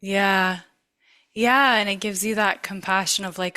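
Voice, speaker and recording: A woman's voice: mid-range voice, fairly even intonation, unhurried, bright, forceful tone, smooth. A woman hosting a podcast interview, chatting casually and offering affirming, gushing praise to her guest. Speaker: podcast host.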